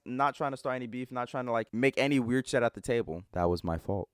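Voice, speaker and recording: Animated young man telling a storytime vlog. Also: medium pitch, a little fast, few pauses, no room sound, studio quality. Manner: animated, exaggerated storytelling with lots of swearing. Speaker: vlogger.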